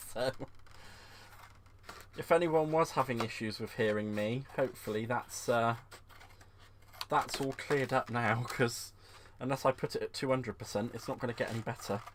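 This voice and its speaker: A man hosting a live crafting stream at home, chatting to viewers. He is bubbly and excitable, giggles often and uses fond terms like "sweetheart" as he works at a desk mic. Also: medium pitch, moderate pace, pauses often, noisy background. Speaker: crafting livestream host. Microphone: desk microphone.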